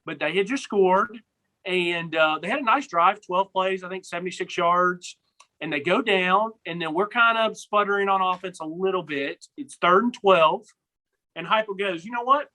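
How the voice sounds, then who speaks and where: A man's voice: high-pitched, normal speed, sharp tone, low-quality recording. A young man co-hosting a casual sports podcast, rambling with many restarts and repeated words. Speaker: podcast co-host.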